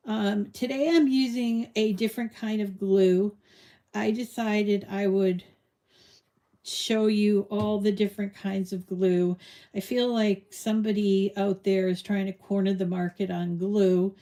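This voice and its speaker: A woman's voice: medium pitch, fairly even intonation, a little slow, warm tone. A middle-aged woman hosting a live crafting tutorial, chatting casually and rambling off on tangents. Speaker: crafting show host.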